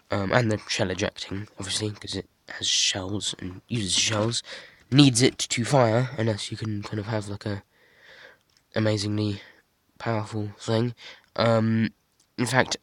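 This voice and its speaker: A man with a low, husky voice, congested and sniffly from a cold. He talks in a loose, rambling way, full of ums and wry little asides. The sound is dry and close. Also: fairly bright tone, dry recording. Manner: rambling, many ums, self-deprecating asides. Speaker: hobby builder showing his model. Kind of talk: casual show-and-tell.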